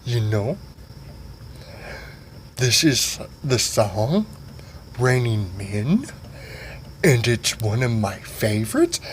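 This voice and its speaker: A man voicing a simple-minded man who talks slowly and softly in a mumble. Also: mid-range voice, big pitch swings, slight background noise, pitched below the performer's own voice. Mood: dopey. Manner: slow, mumbling, soft. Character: slow quiet simple-minded man, Tonga.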